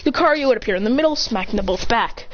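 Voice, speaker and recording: A high-voiced woman narrates a homemade adventure tale, rambling and restarting her sentences. Her pitch rises and falls a lot. The recording is a little muffled, with faint hiss underneath. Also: animated, fast. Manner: rambling, self-correcting, breathless. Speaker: storyteller. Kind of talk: improvised fan story narration.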